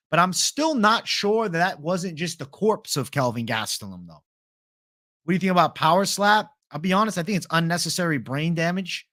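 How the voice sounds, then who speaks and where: Young guy streaming, swears a lot, reads chat, bit of a high voice. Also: fairly bright tone. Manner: casual, profane, reads chat aloud. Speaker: livestream host. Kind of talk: casual livestream chat.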